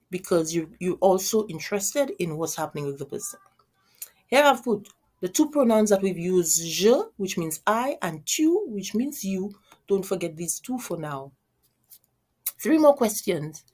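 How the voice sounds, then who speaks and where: Woman teaching French phrases slowly. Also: fairly low pitch, expressive, warm tone. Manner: models French phrases slowly, then explains in English; repeats words and restarts often. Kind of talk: language lesson.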